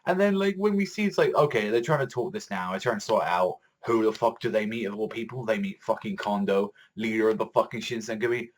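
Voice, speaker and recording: Excitable, profane young-sounding male reviewer. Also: on the low side, a little fast, few pauses. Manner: profane, excitable, laughs often. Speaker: anime reviewer. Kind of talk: casual episode review.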